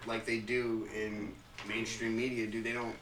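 A man's voice: on the low side, little pitch movement, unhurried, fairly bright tone. A man argues his point in a profane, casual podcast rant. He sits away from the mic, so the sound is distant and roomy, with a faint hiss behind. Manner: ranting, profane, argumentative. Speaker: podcast co-host.

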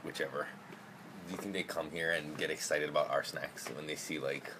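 A man's voice: extremely low pitch, fairly even intonation, a little fast, background noise. A man hosting a podcast, chatting casually and joking, swearing now and then, recorded in a car. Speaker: podcast host. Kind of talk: casual chat.

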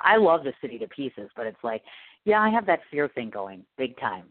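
A woman from the Midwest hosting a podcast interview, excitable and gushing, calling herself nervous. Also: rumbling low, moderate pace, a little hiss or hum. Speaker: podcast host. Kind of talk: casual interview chat. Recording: dry, tinny phone-like sound.

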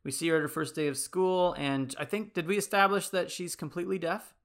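A man co-hosting a podcast, casually pitching a movie sequel in a rambling way, full of likes and ums. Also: fairly even intonation, fairly quick, a bit bright. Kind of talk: casual chat.

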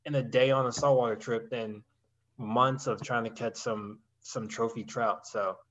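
Man, casual storyteller, mid-pitched voice, slightly dull lo-fi sound. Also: unhurried. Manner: animated storytelling, acts out quoted voices, swears. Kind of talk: casual chat.

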